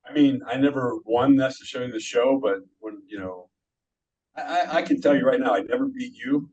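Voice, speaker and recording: A man talking modestly and reflectively as an interview guest, with pauses and fillers. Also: mid-range voice, darkish tone, breathy edge, muffled recording. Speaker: guest, former pro bodybuilder. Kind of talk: casual interview chat.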